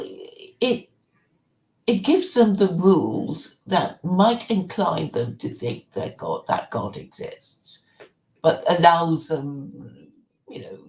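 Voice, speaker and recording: A woman's voice: sits low, very animated, takes it slowly, vocal fry, a little mellow, reverberant. A woman hosting a casual discussion, speaking hesitantly and repeating words as she thinks. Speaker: host.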